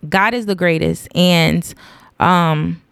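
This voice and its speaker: A woman's voice: lowish voice, takes it slowly, gravelly, a bit bright, smooth, no room sound, studio quality. A woman in her thirties hosting her own podcast from home, rambling earnestly and getting emotional to the point of tears. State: tearful. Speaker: podcast host. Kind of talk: casual solo podcast monologue.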